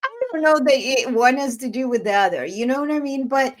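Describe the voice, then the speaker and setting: A middle-aged woman from Eastern Europe co-hosting a podcast in casual chat, an animated storyteller who acts out the people she quotes. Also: high-pitched, a little fast, background noise. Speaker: podcast co-host.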